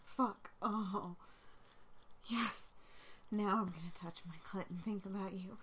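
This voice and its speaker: Slow, breathy high-voiced young woman. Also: slight background noise. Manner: breathy, drawn-out, slips into whispers. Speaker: amateur adult audio creator. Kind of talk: intimate self-recorded adult audio.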